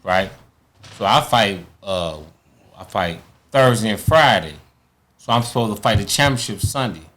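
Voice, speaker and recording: Animated man telling stories. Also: lowish voice, unhurried, pauses often. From Chicago, USA. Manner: animated, profane, acts out quotes in others' voices. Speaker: guest, former boxing champion. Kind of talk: casual storytelling.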